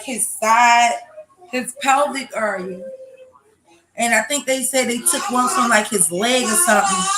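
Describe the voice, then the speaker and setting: A young woman telling a loud, brash, profane story in a casual vlog at home. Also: high-pitched. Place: home with children nearby. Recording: echoey room, faint noise.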